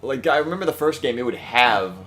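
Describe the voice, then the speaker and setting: A man's voice: medium pitch, lively intonation, a bit bright. A man giving casual, sarcastic commentary while playing a video game. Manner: sarcastic, quick asides. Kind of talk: casual let's-play commentary.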